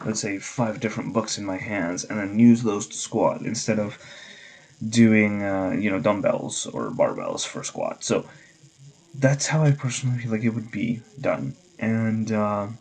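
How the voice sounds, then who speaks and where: A man's voice: on the low side, steady tone, a little slow, a little mellow, poor audio. A young man vlogging casually, rambling with many fillers and restarts. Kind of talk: casual vlog talk.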